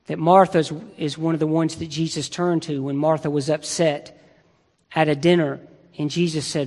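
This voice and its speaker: A man's voice: fairly high pitch, fairly even intonation, moderate pace, darkish tone. A man preaching a sermon in a conversational, emphatic way, asking his listeners rhetorical questions. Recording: long reverb in a large hall.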